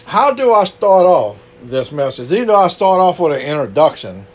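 Cajun preacher with a slightly high voice. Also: male voice, sing-song, normal speed. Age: older. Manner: conversational, frequent "you know", rhetorical questions. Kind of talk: sermon.

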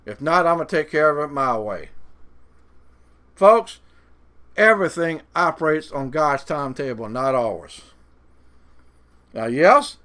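His voice sits high and is fairly bright as he preaches in a folksy manner. He slows down with dramatic pauses to stress his verses and mocks doubters through a put-on voice.

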